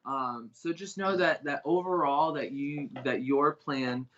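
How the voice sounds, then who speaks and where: A man giving a live online psychic reading, talking in a halting, searching way with many restarts. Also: on the high side, fairly bright tone, highs cut off. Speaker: psychic medium reader.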